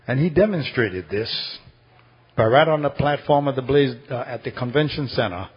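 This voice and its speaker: A man delivers a sermon with a husky, breathy edge, mid-pitched, leaping up in loud bursts and then sinking to a slow, quiet prayer. The recording is dull and lo-fi. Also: expressive. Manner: dramatic swings from loud exclamations to hushed, slow prayer. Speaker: pastor.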